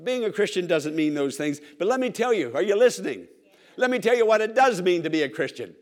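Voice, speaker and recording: A man's voice: sits high, sing-song, fairly quick, darkish tone. A man preaching a sermon to a congregation, emphatic and repetitive, calling for responses.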